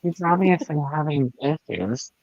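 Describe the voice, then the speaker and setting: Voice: medium pitch, animated, measured pace, crowd noise. A co-host joking wryly in a casual livestream chat over a video call. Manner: wry, joking. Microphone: video call mic, muffled. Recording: muffled video call audio.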